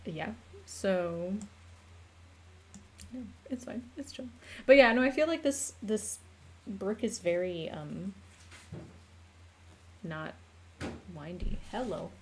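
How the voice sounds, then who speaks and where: Slow, chatty American woman streamer. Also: mid-range voice, lively intonation. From United States. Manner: chatty, laughs often, talks to her pets and chat. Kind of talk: casual chat while map-making. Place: home room.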